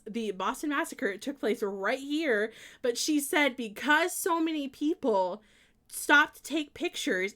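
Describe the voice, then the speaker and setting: A bubbly young woman streamer, chatting with her chat in a light, somewhat high voice. She giggles often between her remarks and reads viewer messages aloud in a casual, friendly way. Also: a bit bright. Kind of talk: casual chat while playing a game.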